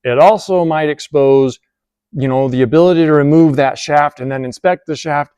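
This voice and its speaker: A man's voice: a little high, normal speed, darkish tone, clean tone, dry recording. Chatty man working on a tractor. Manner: thinking aloud, self-deprecating, bursts of amused laughter. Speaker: hobby mechanic vlogger. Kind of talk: casual workshop narration. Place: workshop beside a tractor.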